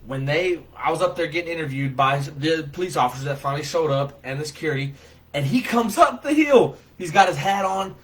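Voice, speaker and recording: A man with a somewhat high voice tells a story from his own life in a loose, colloquial way. He is animated and gets loud whenever he replays his own lines. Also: quick pace, hardly any pauses, low-quality recording. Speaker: vlogger telling a personal story. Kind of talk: casual spoken storytelling.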